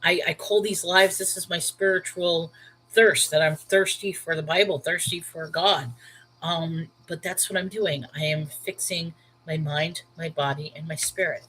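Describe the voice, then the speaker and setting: A woman's voice: fairly low pitch, fairly even intonation, unhurried, bright, forceful tone, slight background noise, rough recording. A woman in her thirties from New York with a Brooklyn accent, hosting a casual Bible livestream and chatting candidly with viewers by name. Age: 30s. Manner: candid and emphatic. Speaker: livestream host.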